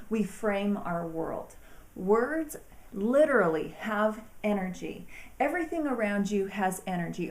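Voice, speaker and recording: A woman hosting an inspirational talk, speaking in an earnest, encouraging way with slow, emphatic phrasing. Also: mid-range voice, a little mellow, reverberant. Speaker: host.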